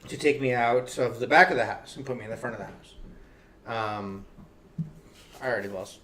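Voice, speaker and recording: A man's voice: mid-range voice, steady tone, normal speed, fairly bright tone, roomy sound, recorded from a distance. Profane storytelling male host. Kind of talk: casual interview chat.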